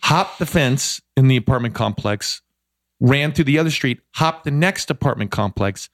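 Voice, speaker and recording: A middle-aged man, a podcast guest, telling a story in a casual chat, animated and self-deprecating. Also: mid-range voice, moderate pace.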